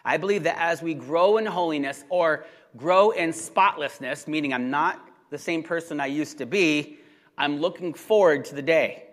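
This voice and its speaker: A pastor preaching a sermon with emphatic delivery that rises to loud, urgent exhortation. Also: male voice, on the high side, normal speed, long reverb tail.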